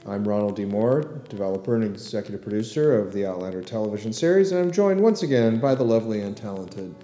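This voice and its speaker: Low, mellow man hosting a podcast. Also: fast, echoey room. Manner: relaxed, rambling with many fillers. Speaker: podcast host and producer. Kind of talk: casual commentary podcast.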